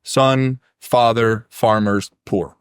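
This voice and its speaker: A man's voice: mid-range voice, fairly even intonation, takes it slowly, clear, resonant tone, no room sound, clean studio sound. A man with Polish as his first language, a podcast guest talking casually, a blunt, profane, rambling storyteller.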